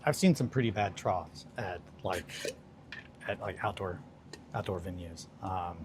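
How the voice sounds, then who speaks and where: Young guy rambling on his stream, kinda low voice, swears constantly, gets worked up, faint hum behind. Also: a little slow. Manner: rambling, profane storytelling with bursts of excitement. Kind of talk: casual chat.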